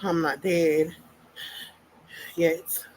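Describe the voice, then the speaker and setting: A woman's voice: lowish voice, steady tone, very slow, a little mellow, a little hiss or hum, rough recording. A woman vlogging casually, out of breath and venting bluntly with profanity. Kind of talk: casual personal vlog.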